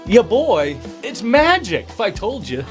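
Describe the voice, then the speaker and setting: An unhurried man with a high voice whose pitch swoops wildly hosts a casual livestream sale as faint music plays. This seller and breaker keeps up easygoing patter, talking to viewers while doing card tricks.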